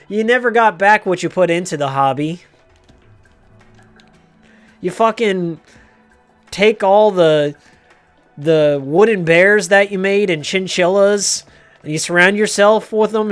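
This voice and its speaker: A man's voice: high voice, a bit bright, clean tone. A man hosting a livestream who rambles through a sardonic, profane comic rant. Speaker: livestream host.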